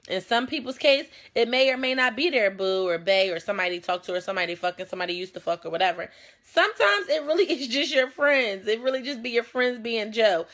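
Blunt, profane young woman hosting. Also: medium pitch. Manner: blunt, animated, profane and confrontational. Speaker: talk show host. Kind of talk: casual unscripted talk show monologue.

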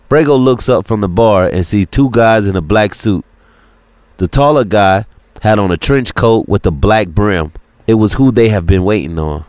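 A man narrating an audiobook in a steady, plain reading. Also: fairly low pitch, moderate pace, no room sound. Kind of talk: scripted narration.

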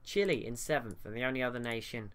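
Casting: man, mid-pitched and clear, casual game commentary, hesitant restarts, desk mic at home. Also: fast. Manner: thinking aloud, hesitant with restarts. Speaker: gaming YouTuber.

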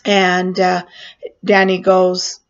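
An older woman telling a personal story with animated delivery, acting out her own panic in a raised voice. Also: on the low side, very slow. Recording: dull lo-fi sound.

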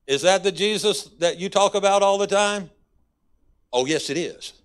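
A man's voice: high-pitched, moderate pace, smooth. A man with a Texas accent, a guest pastor preaching a folksy, conversational sermon in a church. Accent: Texan. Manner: folksy, conversational preaching with sudden emphatic rises.

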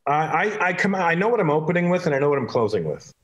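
A man from Canada, a comedian and podcast guest, telling stories in an animated way and acting out the dialogue. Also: on the high side, fast, highs cut off. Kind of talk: casual chat and storytelling.

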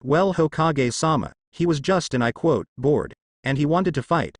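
A man voicing a respectful, composed female masked ninja giving a polite report, his pitch raised and his delivery lively. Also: normal speed, no room sound, studio quality. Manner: polite, reporting, a bit evasive.

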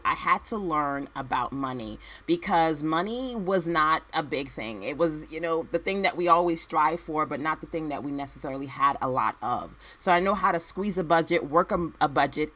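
A woman's voice: sits low, a bit bright. A woman entrepreneur and work-at-home mom giving a motivational speech, with punchy one-word headings, repeated phrases and conversational asides to the listener.

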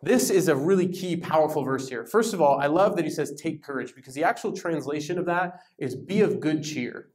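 A man leading a Bible study, teaching in a lively, conversational way and giving verses dramatic emphasis. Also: on the high side, fairly quick, hardly any pauses. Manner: animated, emphatic, reads verses aloud with dramatic stress. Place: church meeting room.

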